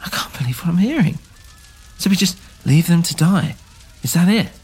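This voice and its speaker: A man's voice: lively intonation, moderate pace, darkish tone, husky, heavily acted. A man voicing an indignant young healer who speaks emphatically in a raised voice in a scripted audio drama. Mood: outraged. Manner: outraged, raised pitch, emphatic.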